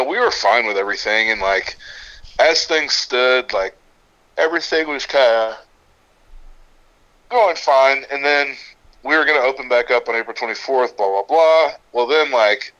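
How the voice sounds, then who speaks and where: A middle-aged man, a gym owner and coach, chatting casually on a podcast, relaxed and swearing freely as he tells stories. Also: fairly low pitch. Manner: laid-back, swears freely, drawn-out storytelling. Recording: muffled lo-fi audio.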